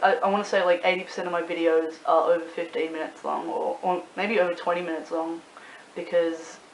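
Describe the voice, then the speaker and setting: A young woman with an Australian accent, rambling casually to camera in a vlog, swearing freely and filling pauses with ums and likes. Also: fairly low pitch. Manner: chatty, swears freely, rambling with many fillers. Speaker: YouTuber and club promoter. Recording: echoey room with faint hiss.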